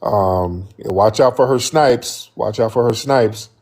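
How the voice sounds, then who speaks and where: A man's voice: fairly low pitch, measured pace, a little mellow. A man hosting a live stream, talking casually and joking with his viewers. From United States.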